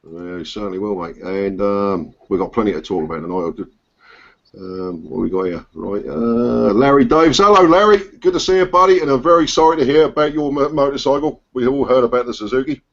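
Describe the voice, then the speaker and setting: A man's voice: medium pitch, brisk. A man with a Suffolk accent hosting a casual biker hangout over a video call, chatty and rambling, with lots of fillers and restarts. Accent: English, Suffolk. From England. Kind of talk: casual chat. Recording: dull lo-fi video call audio.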